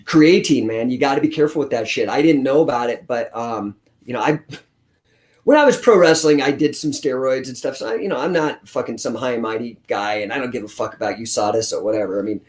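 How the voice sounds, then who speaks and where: A man's voice: mid-range voice, fast. Profane storytelling man in his forties. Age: 40s. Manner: profane, blunt, animated storyteller. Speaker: guest, grappling coach. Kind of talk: casual interview storytelling. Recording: roomy echo.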